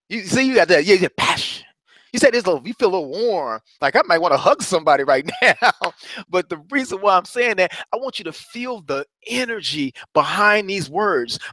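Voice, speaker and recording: Man, motivational coach, preacher-like repetition, bright forceful tone, dry close sound. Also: sits high, no room sound. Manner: preacher-like, repeats phrases with rising passion. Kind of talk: motivational talk on a broadcast.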